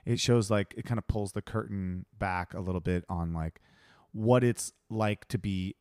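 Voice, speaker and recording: A man's voice: on the low side, normal speed, a little mellow, smooth, dry recording, studio quality. A man co-hosting a podcast in casual chat, laid-back and playful, swearing freely. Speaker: podcast co-host.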